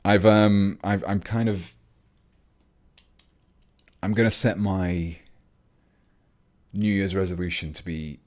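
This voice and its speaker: A man's voice: low voice, steady tone, takes it slowly, pauses often, darkish tone. An English man hosting a hobby livestream, chatting casually and rambling as he reads out viewer messages while he works on a model. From England. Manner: chatty, rambling, reads chat aloud mid-task.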